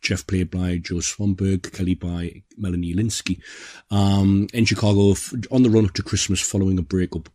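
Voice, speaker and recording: A man co-hosting a film podcast, speaking in a measured way with many pauses and ums. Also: deep voice, level tone, warm tone, a little hiss or hum. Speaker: podcast co-host, film critic. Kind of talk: casual film discussion.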